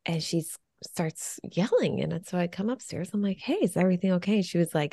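A woman's voice: fairly low pitch, a little fast, dark tone, no echo. A woman in her thirties hosting a casual interview, chatty and laughing a lot. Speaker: podcast host.

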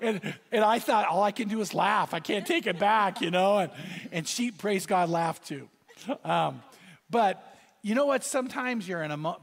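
Casting: male pastor, high voice, lively storytelling sermon, big reverberant hall. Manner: animated storytelling with rising exclamations.

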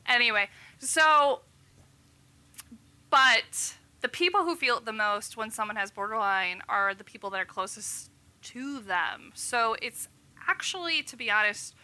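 A woman's voice: a little high, animated, a little slow, pushed and bright. A woman in her thirties, a physician, chatting casually and acting out quotes as she tells a story. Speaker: physician guest. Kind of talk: casual podcast chat.

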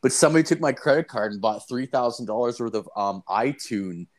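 A man's voice: mid-range voice, lively intonation, brisk. A young man telling a story in casual chat, rambling and swearing with lots of fillers.

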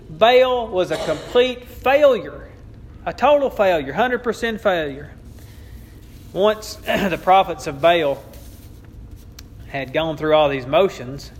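A man preaching a sermon, with an emphatic, repetitive cadence and a touch of wry amusement. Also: on the high side. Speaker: pastor.

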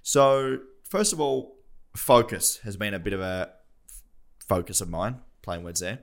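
Rambling young man, low voice. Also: lively intonation, unhurried. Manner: self-deprecating, rambling with restarts. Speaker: podcast co-host. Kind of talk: casual chat.

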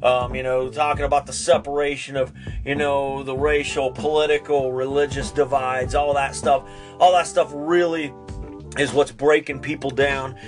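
A man's voice: mid-range voice, little pitch movement, normal speed, soft background music. A man hosting a podcast, laid-back and upbeat, talking with many fillers. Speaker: podcast host. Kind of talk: casual podcast monologue.

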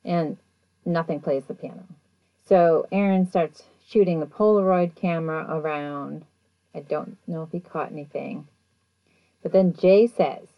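A woman's voice: deep voice, moderate pace, no echo, muffled recording. A woman hosting a podcast, recapping an episode in a casual, chatty way and acting out the people in it. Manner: chatty, animated retelling with quoted voices. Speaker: podcast host.

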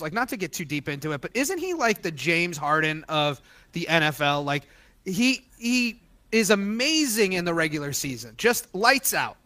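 High bright-voiced man chiming in. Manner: agreeable, chimes in with quick replies. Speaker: podcast co-host. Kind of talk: casual sports chat.

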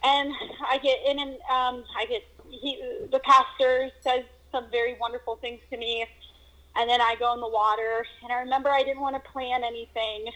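A woman telling a personal story in a casual conversation, animated and acting out moments with exclamations. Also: a little high, normal speed, low-quality recording. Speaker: guest telling her story.

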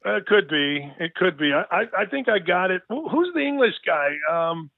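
A man's voice: sits high, lively intonation, moderate pace, gravelly, no echo. A man, a sports broadcaster, chatting casually and telling rambling jokey stories with lots of restarts. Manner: joking, rambling storyteller with frequent restarts. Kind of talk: casual interview chat. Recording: tinny phone line, dry.

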